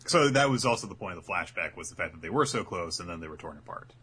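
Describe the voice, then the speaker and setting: A man's voice: low-pitched, lively intonation, quick pace, pushed and bright, husky. A man co-hosting a casual podcast, talking things through analytically with hesitant restarts. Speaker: podcast co-host.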